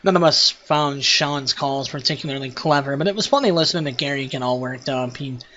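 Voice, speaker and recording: A man hosting a let's play reads the game's text aloud at a mid pitch and drops in wry, profane asides. Faint noise sits under the voice. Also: fairly quick, sharp tone. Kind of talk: reading game text aloud with commentary.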